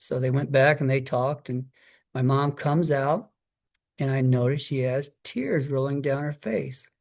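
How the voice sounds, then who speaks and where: A man's voice: medium pitch, unhurried, darkish tone. A middle-aged man telling a personal story to an audience in a conversational way, acting out quoted voices, with fillers and restarts. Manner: conversational storytelling, acts out his child self and mother in quotes. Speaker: guest speaker.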